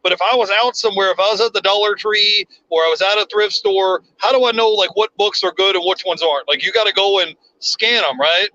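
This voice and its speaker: High, bright-voiced man hosting a livestream. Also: fairly quick, few pauses, highs cut off. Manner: rambling, restarts often, reads viewer comments aloud. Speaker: livestream host. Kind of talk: casual live chat.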